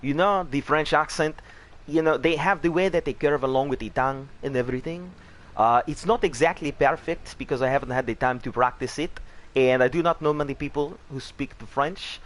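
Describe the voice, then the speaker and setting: A clumsy attempt at a French accent, halting and self-conscious, as a gamer puts it on. The voice sits slightly raised above his usual low pitch, and he stumbles through it while chatting over a video game. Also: lightly acted. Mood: earnest. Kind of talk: casual game commentary.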